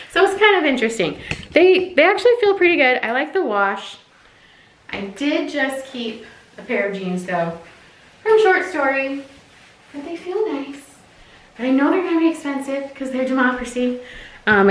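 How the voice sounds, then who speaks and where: A woman's voice: high voice, fairly bright tone, distant mic, slight background noise. A woman chatting casually and giggling through a clothing try-on haul, with lots of fillers. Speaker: fashion unboxing vlogger. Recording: very echoey room, voice off-mic.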